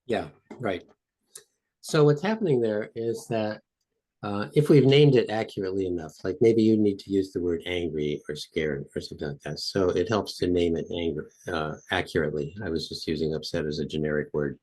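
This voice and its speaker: A man with a deep voice and darkish tone speaks fairly quickly as a guest expert on a podcast interview. He explains and demonstrates a technique, repeating phrases in a chanting way that builds in intensity.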